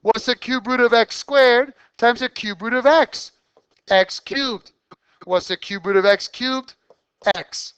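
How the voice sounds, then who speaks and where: Math teacher in class, smooth clear delivery, talks students through each step with quick questions. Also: mid-range voice, fairly bright tone, dry recording, lo-fi sound. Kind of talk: classroom lesson explanation.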